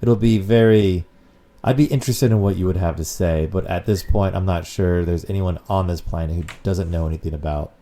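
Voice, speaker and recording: A man co-hosts a laid-back podcast in a low, mellow voice. He rambles from one thought to the next, swears casually, and keeps the chat loose. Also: fairly quick. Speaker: podcast co-host.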